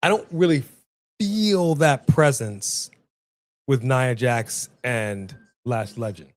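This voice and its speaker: Man, mid-pitch, chatty livestream co-host. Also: slow pace, dry recording. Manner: chatty, animated, addresses the chat. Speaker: co-host of a wrestling watch-along. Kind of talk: casual live-stream chat.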